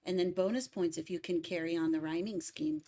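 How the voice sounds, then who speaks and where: A woman's voice: on the low side, animated, brisk, warm tone. A young adult woman chatting casually and emphatically on a music livestream. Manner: opinionated, emphatic about word stress. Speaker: music cover artist streaming.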